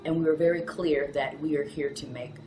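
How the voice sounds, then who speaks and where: A chatty, animated woman, a TV news anchor, telling her personal story and laughing often. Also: low voice, brisk, echoey room, faint music behind, rough recording. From Houston, Texas, with Ghanaian roots.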